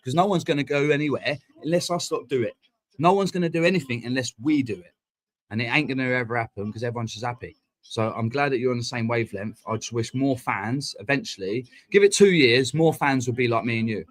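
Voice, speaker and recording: A man, hosting a fan live stream and ranting in a heated, sweary, rapid-fire way. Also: mid-range voice. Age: 40s. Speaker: fan channel host. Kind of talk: casual live-stream rant. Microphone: streaming mic.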